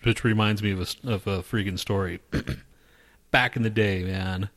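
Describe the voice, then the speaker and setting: Man, Texan accent, lowish voice, rambling, swears a lot, casual podcast banter. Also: fairly even intonation, normal speed, a bit bright. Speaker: podcast co-host.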